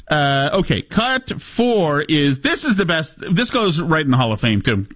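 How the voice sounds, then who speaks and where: Male talk host, higher register, sarcastic and animated, dry close sound. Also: unhurried, few pauses, dry recording. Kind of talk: opinionated political commentary.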